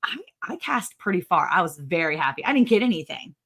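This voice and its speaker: A woman's voice: on the low side, sing-song, fairly quick, fairly bright tone. Giggly woman chatting on a livestream. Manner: giggly, chatty, laughs often. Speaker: livestream co-host. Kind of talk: casual livestream chat, reading comments.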